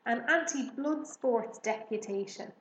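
Good-natured storybook farmer dad, read by a woman, dry and teasing, slow. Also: a little high, echoey room, close to an everyday voice, poor audio.

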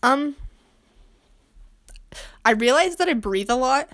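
A young woman from Utah rambles through a solo podcast episode in her bedroom. Her voice sits a little high, and her talk is awkward and meandering, full of self-deprecating asides. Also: expressive, takes it slowly, a bit bright. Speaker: podcast host.

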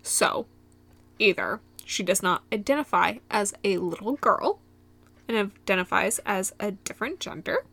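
Giggly rambling woman, bright dry voice. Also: medium pitch, animated, measured pace, gravelly, no room sound, soft background music. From Michigan. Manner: giggly, rambling, goes off on tangents. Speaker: podcast host. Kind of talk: solo podcast recap, casual chat.

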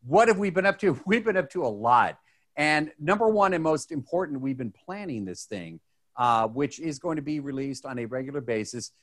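Excitable rambling man from Texas. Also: on the high side, normal speed. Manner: excitable, rambling, many restarts. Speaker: podcast co-host. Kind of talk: casual podcast chat.

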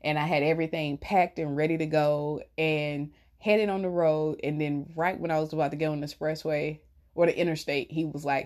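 A woman's voice: low-pitched, fairly even intonation, brisk. A middle-aged woman chatting casually to viewers, telling stories with laughter. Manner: chatty, warm storytelling with laughs. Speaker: vlogger.

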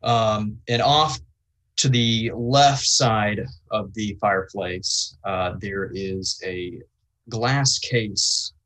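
A man narrating a tabletop game as the game master, describing a scene slowly and with frequent ums. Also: on the low side, a bit bright, low-quality recording.

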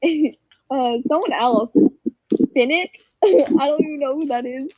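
High-voiced teen girl, animated storytelling. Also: a little slow, dry recording. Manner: animated, acts out quotes, frequent laughs. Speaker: friend telling a story. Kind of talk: casual group chat storytelling. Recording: dull, dry lo-fi call audio.

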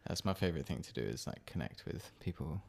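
A man with a mixed British and South African accent, hosting a podcast in a relaxed, chatty way and laughing often. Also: a bass voice, quick pace, vocal fry. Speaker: podcast host. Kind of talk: casual chat.

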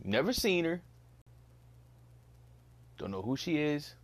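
A man's voice: on the high side, sing-song, slow pace. Blunt, exasperated young man ranting. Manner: blunt, exasperated, repeats himself, swears freely. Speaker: podcast host. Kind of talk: casual solo commentary.

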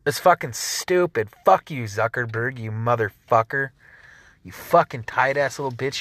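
A man's voice: medium pitch, normal speed, a bit bright, no room sound. An irate male host rambles and swears nonstop between songs on his music show. His voice sits in a middle register and sounds dry and close, with no room around it. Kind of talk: profane ranting chat between songs.

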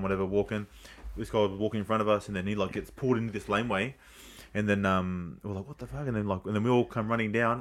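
An Australian man in his thirties, a rugby league player, telling stories in a casual chat, animated and swearing freely. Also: lowish voice. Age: 30s.

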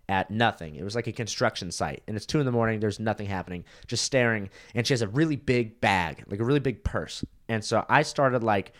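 A man's voice: on the low side, brisk, few pauses, a bit bright. A young man, a comedian guest, telling a crude story in a rambling, casual way that is full of "like".

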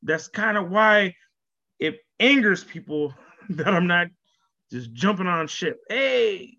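A man with a fairly high, bright, forceful voice talks casually to his online audience. He is animated, laughs a lot and often stumbles over repeated words. The recording sounds dull and lo-fi. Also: slow pace, creaky. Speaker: vlogger. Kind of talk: casual talk to camera.

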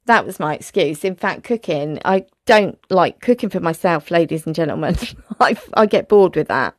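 Lively chatty Englishwoman telling a story. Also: mid-range voice, a little slow, no echo, studio quality. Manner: chatty, animated, addresses viewers directly. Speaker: vlogger. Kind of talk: casual storytelling to viewers.

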